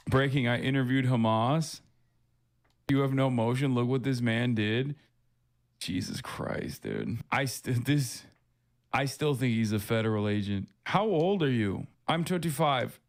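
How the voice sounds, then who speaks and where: Male streamer, mid-pitched, reads chat aloud with mocking flair and quick laughing asides. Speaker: livestream host. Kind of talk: casual livestream chat, reading viewer comments aloud.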